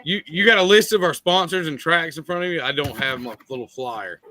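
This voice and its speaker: A man co-hosting a casual talk show, upbeat and quick to laugh. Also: on the high side, sharp tone, slight background noise. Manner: upbeat, laughs often, reads sponsor lists. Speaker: podcast co-host. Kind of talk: casual chat.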